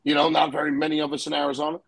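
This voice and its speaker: Gravelly New man telling a story. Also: a little high, completely flat delivery, very fast, rough recording. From New York. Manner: profane, acts out the other people in his stories. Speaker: guest. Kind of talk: casual storytelling.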